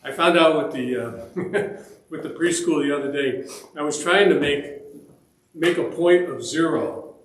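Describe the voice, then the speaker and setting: A man leads a church Bible study, speaking slowly and steadily in a fairly high voice. He talks conversationally, restarting phrases and pausing on fillers, and he keeps asking the group questions. The room gives his voice a noticeable echo. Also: slight background noise. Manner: asks the group questions, checks in with "all right?".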